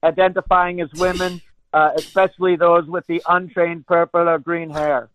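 A man calling in to a talk radio show, telling a deadpan satirical bit with many halting fillers. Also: on the high side. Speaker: caller. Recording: tinny phone line.

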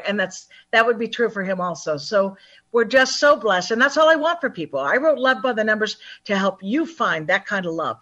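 A woman talking as a numerologist guest in an interview, upbeat and chatty, acting out other people's lines in lively voices. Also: medium pitch, dull audio. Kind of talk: phone-in interview, animated and chatty.

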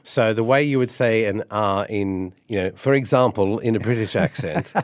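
A man's voice: lowish voice, normal speed, no room sound. Australian man, dry-voiced radio interviewee. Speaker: radio program director, voiceover artist.

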